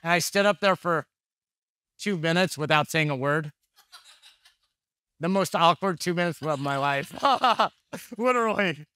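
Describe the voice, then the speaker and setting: A man's voice: a little high, a little slow, pauses often, pushed and bright, no echo. A man preaching a conversational sermon, telling candid, jokey stories and acting out the dialogue. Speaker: pastor.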